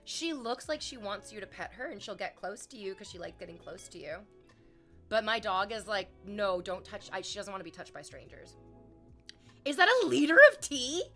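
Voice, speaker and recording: Bright-voiced chatty woman streamer. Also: mid-range voice, animated, fairly quick, soft background music. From Canada. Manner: chatty storytelling, playful exaggerated quoted voices. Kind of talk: casual chat to stream viewers.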